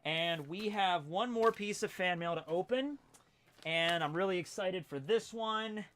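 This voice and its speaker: Bright-voiced man rambling on a stream. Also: high-pitched, a little slow, a little hiss or hum. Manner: rambling, loose and chatty with many fillers. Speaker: streamer reading fan mail. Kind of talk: casual livestream chat. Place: at home.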